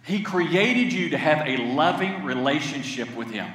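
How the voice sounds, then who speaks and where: A man's voice: a little high, expressive, measured pace, few pauses, fairly bright tone. A man preaching an impassioned sermon in a large church. He repeats lines and has the congregation say them back to him. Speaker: pastor. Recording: echoey hall, heard from far off.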